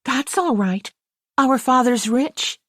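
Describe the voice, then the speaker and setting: A woman voicing a lively, impatient young American girl with an American accent, teasing and cheerful in an audiobook reading. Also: high-pitched, slow, dry recording, clean studio sound, pitched above the performer's own voice, exaggerated voice. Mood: breezy. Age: young adult.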